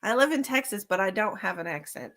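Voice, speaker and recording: Woman, tarot reader, live stream, bright clear tone, chatty with endearments. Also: medium pitch, expressive, a little fast. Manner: chatty, calls viewers honey and darling.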